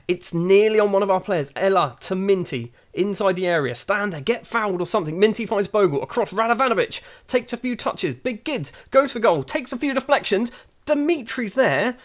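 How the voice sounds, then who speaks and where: A man commentates on his football management game in a casual, running style. His voice sits a little higher than most men's, and it jumps up sharply whenever a shot goes wrong. Between calls he drops into self-mocking asides. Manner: excitable, frustrated outbursts, self-mocking asides. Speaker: gaming YouTuber.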